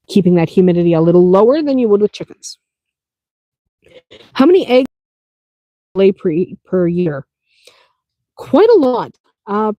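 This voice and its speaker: Her voice sits on the low side with a dark tone, captured in a dry, lo-fi recording. A woman who runs a small farm, she explains things in a casual Q&A for viewers, chatty and practical, quick to laugh, and driving points home with "okay?"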